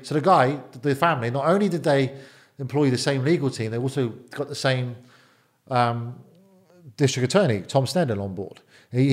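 Middle-aged man, chatty anecdote-teller, stumbles and restarts. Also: medium pitch. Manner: animated, repeats words, quotes people in dialogue. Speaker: interview guest, former bodyguard. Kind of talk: casual storytelling.

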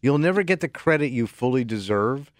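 A man co-hosting a radio show, arguing back in an animated, jokey way. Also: mid-range voice, a little fast, no room sound. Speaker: radio co-host. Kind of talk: morning radio banter.

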